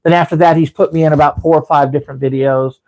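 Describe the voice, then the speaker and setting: A man's voice: on the high side, fairly even intonation, fast talker, a little mellow, low-quality recording. A man hosting a live stream, telling a meandering story with lots of restarts. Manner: rambling storyteller, frequent restarts. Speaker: livestream host. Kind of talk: casual live-stream chat. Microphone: livestream setup.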